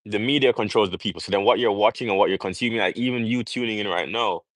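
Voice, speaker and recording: A man's voice: lowish voice, fast, no room sound, rough recording. A young man from Jamaica talking on a livestream, preaching in an emphatic way and firing off rhetorical questions. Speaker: livestream host. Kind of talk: casual livestream monologue.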